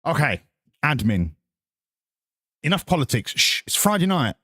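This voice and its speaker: A man's voice: on the high side, big pitch swings, a little slow, sharp tone, slightly rough, no room sound, clean studio sound. Sarcastic, sweary male streamer. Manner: sarcastic, sweary, mock-lecturing rants. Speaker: streamer chatting with viewers. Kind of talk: casual live-stream chat.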